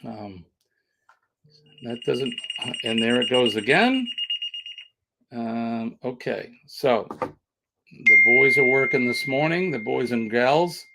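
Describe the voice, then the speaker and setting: Gravelly man chatting on a live stream. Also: medium pitch, lively intonation, slow pace, pauses often, heavy background noise. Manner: chatty, talks to viewers in the comments. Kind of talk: casual live-stream chat.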